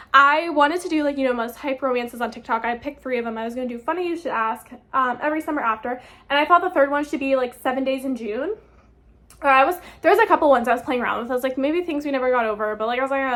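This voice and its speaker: Woman, twenties, high voice, casual book review, exasperated, cursing. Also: fairly bright tone. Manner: exasperated, heated, swears freely. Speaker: book vlogger.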